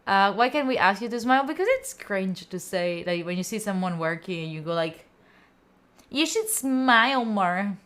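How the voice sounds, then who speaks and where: Speaking briskly with few pauses, this young adult from Italy has a clear, resonant, medium-pitched voice and an Italian accent. She runs a study stream and, between sessions, reads comments and teases her viewers with playful giggles.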